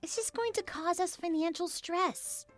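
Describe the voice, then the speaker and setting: A woman's voice: very high-pitched, a little slow, fairly bright tone, no room sound. A woman's text-to-speech voice as a worried wife who pleads and questions. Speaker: wife and story narrator.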